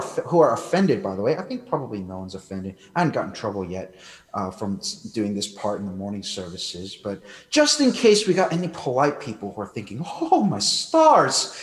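A young man preaching a sermon as pastor, emphatic and conversational. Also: medium pitch. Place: church hall. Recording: echoey church hall, voice from far off.

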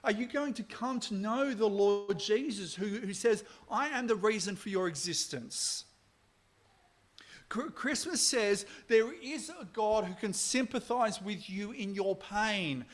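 A man in his thirties delivers a Christmas sermon in a voice that sits high and moves a little slowly. He tells stories, swinging between soft asides and loud outbursts.

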